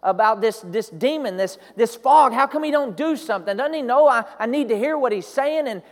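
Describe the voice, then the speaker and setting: A man's voice: very high voice, expressive, a little fast, in a large hall. A man preaching a sermon, building to emphatic repeated declarations.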